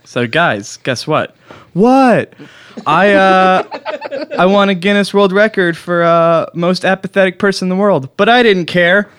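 Young man, podcast host, deadpan self-mocking jokes, slightly high voice. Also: moderate pace, hardly any pauses, clear, resonant tone. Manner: self-mocking, dry jokey delivery. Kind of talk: deadpan comedy monologue and casual chat.

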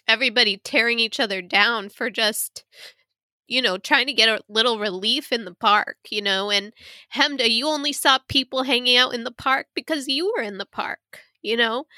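A woman co-hosting a talk show, tearful and emotional, halting with many restarts. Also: fairly high pitch, sharp tone, no echo. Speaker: podcast co-host. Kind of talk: heated casual chat.

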